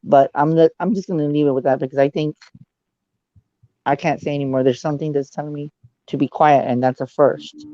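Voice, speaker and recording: A man's voice, a little high and mellow, comes through a dull, muffled call line. He is a psychic giving a dramatic live reading and keeps sinking into hushed asides. The sound is close and dry. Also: fairly even intonation, fairly quick, no echo. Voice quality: dramatic, dropping to low asides. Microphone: video call.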